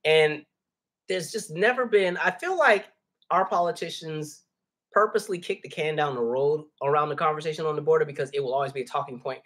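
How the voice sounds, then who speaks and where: Reading his chat aloud, a livestream host keeps things casual and refers to his viewers as y'all. He speaks briskly in a slightly high, a bit bright voice.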